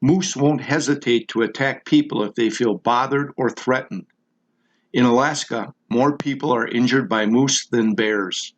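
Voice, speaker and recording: A man narrating an outdoor wildlife documentary in a measured, informative way. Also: medium pitch, dull audio. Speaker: show host and narrator. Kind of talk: scripted nature documentary narration.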